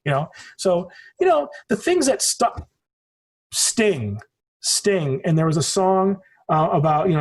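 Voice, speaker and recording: A husky man in his forties from the United States talks as a podcast guest, his voice sitting high for a man. He tells stories in a loose, rambling way, leaning hard on his points and swearing casually. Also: very animated, measured pace. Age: 40s. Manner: rambling, emphatic storytelling with frequent swearing. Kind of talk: casual conversation.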